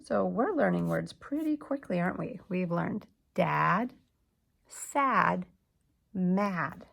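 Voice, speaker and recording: A woman leads a phonics lesson for young children at a very slow, patient pace. She sounds out each letter carefully, and a gravelly edge of fry runs through her voice. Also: fairly low pitch, animated, fairly bright tone. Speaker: teacher.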